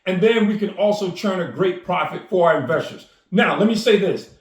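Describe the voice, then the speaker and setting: A man's voice: sits high, animated, a little fast, roomy sound. A man telling a personal story with enthusiasm, acting out the dialogue as he goes. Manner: enthusiastic, acts out quoted dialogue. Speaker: storyteller and speaker.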